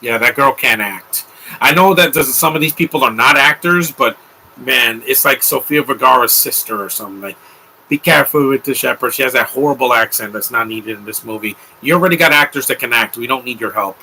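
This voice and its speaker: A man's voice: mid-range voice, a little fast, vocal fry, pushed and bright, a little hiss or hum, rough recording. A young man hosting a live movie commentary, talking in an offhand, rambling way with opinionated asides.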